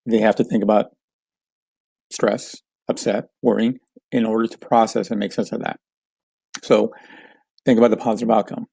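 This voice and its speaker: A man teaching a communication lesson, calmly explaining with example phrases. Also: on the low side, moderate pace, vocal fry, long pauses, husky, no echo. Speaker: communication coach.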